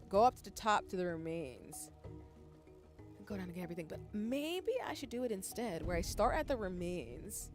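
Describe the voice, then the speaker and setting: A young woman with a Southern US accent, streaming a game live, chatty, swearing and breaking into loud outbursts. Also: medium pitch. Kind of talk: live gaming stream chat.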